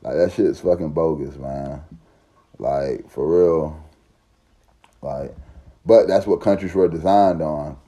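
A man's voice: rumbling low, slow pace, pauses often, dark tone. A man, talking in a profane, rambling, emphatic casual monologue. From Southern United States.

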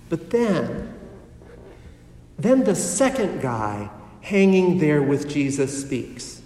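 A man preaches in a sanctuary, unhurried and deliberate, with pauses that let each phrase land. His voice sits a little high for a man. It carries through a long reverb and sounds picked up from far off across the room. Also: lively intonation, darkish tone. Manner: slow, measured preaching with dramatic pauses. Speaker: pastor. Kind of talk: sermon. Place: church sanctuary. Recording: echoey hall heard from a distance.

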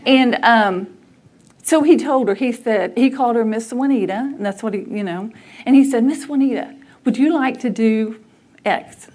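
Animated high-voiced woman storyteller. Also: normal speed. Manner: animated storyteller, laughs often, acts out quotes. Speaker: church speaker telling a family story. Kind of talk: storytelling talk to a church audience.

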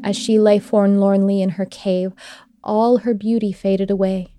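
A woman host narrating an old myth in a gentle, measured storytelling style. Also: medium pitch, little pitch movement, clean tone, dry recording, studio quality, soft background music.

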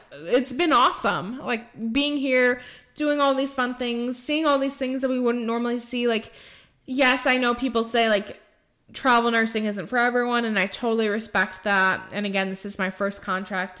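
A woman's voice: a little high, bright, forceful tone. A young woman from Michigan hosting a podcast in casual chat, bubbly and laughing often, with lots of "like" in her speech. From Michigan, USA. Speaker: podcast host.

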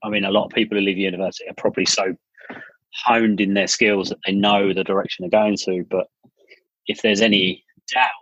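A man's voice: on the low side, little pitch movement, fairly quick, fairly bright tone, breathy edge, dry recording. A middle-aged English man, a studio founder, chatting casually as a podcast guest and telling stories with frequent restarts. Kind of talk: casual interview storytelling. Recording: dull lo-fi podcast audio.

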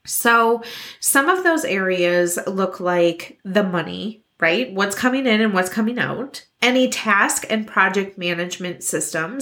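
A woman's voice: fairly low pitch, pushed and bright. A young adult woman hosting a podcast, giving earnest, encouraging business advice. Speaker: podcast host. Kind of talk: scripted podcast talk.

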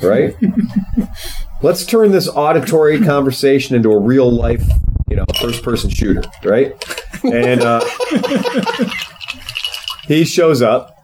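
A man's voice: medium pitch, sing-song, slow, long pauses, noisy background. Sardonic man telling shop stories. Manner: storytelling, sardonic, profane. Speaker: podcast co-host and motorcycle shop owner. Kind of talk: casual podcast chat.

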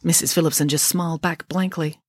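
A woman's voice: low voice, fairly even intonation, brisk, darkish tone, no echo, studio quality. A woman reading her own children's novel aloud for a podcast, switching between voices for each character.

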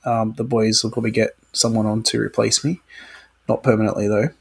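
A man's voice: lowish voice, a little fast, vocal fry, husky. A man co-hosting a podcast, casually running through announcements with some fillers. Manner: relaxed, runs announcements with fillers. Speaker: podcast co-host.

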